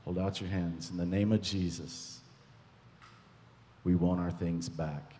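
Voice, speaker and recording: A man leading prophetic ministry at a church service, playful and excitable, joking with the congregation. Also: low-pitched, measured pace, big-room sound. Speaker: guest minister. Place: church sanctuary.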